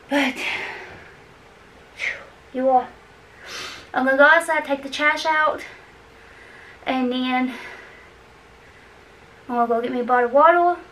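A woman's voice: high-pitched, a bit bright, far from the mic, a little hiss or hum, low-quality recording. A woman chatting to her viewers while cleaning, out of breath, rambling and encouraging. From Kentucky. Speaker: cleaning vlogger. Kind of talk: casual chat to camera.

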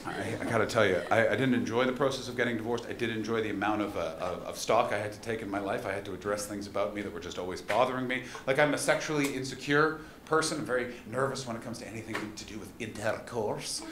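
A man's voice: on the low side, fast, hardly any pauses, background noise. Self-deprecating stand-up man. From Canada. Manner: self-deprecating, anxious, swings into shouted quotes. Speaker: stand-up comedian. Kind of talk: live stand-up routine. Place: festival comedy venue stage. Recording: echoey live room with loud audience laughter.

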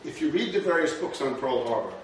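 A man with a mid-range, very animated voice lectures on history at a brisk clip, speaking rhetorically and conversationally and tossing in frequent "right?" asides. He's in a lecture room, captured on a distant mic in a very echoey space with faint noise.

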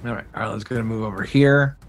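A man's voice: lowish voice, fast, soft background music. A man playing a tabletop game, counting out his moves, attack rolls and damage. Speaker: player.

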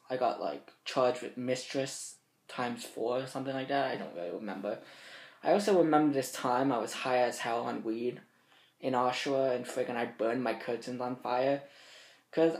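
A young man of eighteen rambles through his stories, cursing freely and talking in an animated way. His voice sits in a middling range. It is recorded in a roomy bedroom with a noticeable echo. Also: medium pitch. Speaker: vlogger. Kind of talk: casual storytelling to camera.

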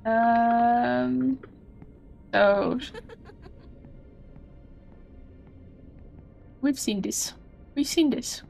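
A woman's voice: fairly high pitch, very slow, creaky, pauses often, a little mellow, soft background music. A woman streaming a video game, talking casually and swearing freely as she reacts to the story. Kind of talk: casual gameplay commentary.

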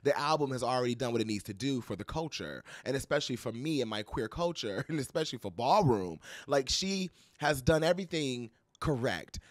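A young adult man giving playful, sassy pop culture commentary to camera, dramatic and full of mock quotes and quick laughs. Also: medium pitch, lively intonation, dry recording, studio quality. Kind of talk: animated casual commentary to camera.

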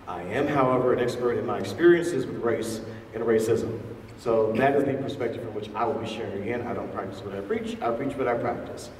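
A man's voice: mid-range voice, fairly quick, a little mellow, slight background noise. A man giving a public talk to a live audience, asking the crowd questions as he speaks. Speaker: featured speaker. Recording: echoey hall from far off.

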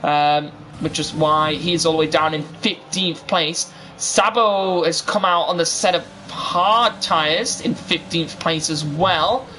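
A man's voice: on the high side, slow, few pauses, sharp tone, a little hiss or hum. A man doing live sim racing commentary, chatty and rambling, often restarting his sentences. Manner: rambling, self-interrupting, chatty. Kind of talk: live esports race commentary.

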